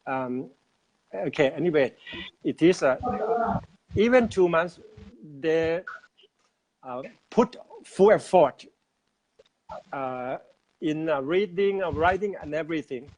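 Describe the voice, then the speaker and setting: Slow, hesitant man with many fillers. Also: on the high side, lively intonation, darkish tone, low-quality recording. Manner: halting, many uh fillers, non-native English. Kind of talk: casual conversation.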